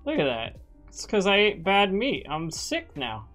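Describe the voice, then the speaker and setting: A woman's voice: mid-range voice, huge pitch swings, measured pace, fairly bright tone. A woman streaming a video game in casual chat, jumpy and swearing often, shrieking when startled. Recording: faint music behind. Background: background music.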